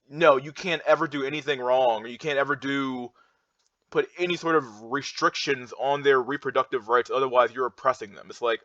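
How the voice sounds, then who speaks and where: This is a heated, repetitive monologue from a young man responding to charts, packed with fillers and false starts. He speaks at a medium pitch with a sharp tone. There's no room sound, and the audio is dry, dull and lo-fi.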